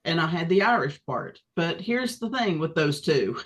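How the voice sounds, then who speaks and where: Chatty woman podcast host. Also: low-pitched. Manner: relaxed, many ums and pauses. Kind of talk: casual chat.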